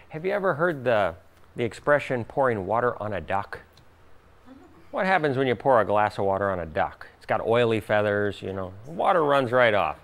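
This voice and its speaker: A man's voice: mid-range voice, gravelly. A man teaching a workshop and answering audience questions, acting out quoted voices and laughing often. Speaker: spiritual teacher.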